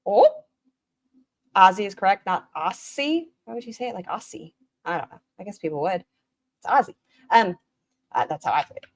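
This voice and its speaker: A woman's voice: mid-range voice, expressive, quick pace, long pauses, darkish tone. A woman hosting a stream, giving snarky, mocking commentary on a video. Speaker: stream host reacting to a video. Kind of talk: casual commentary.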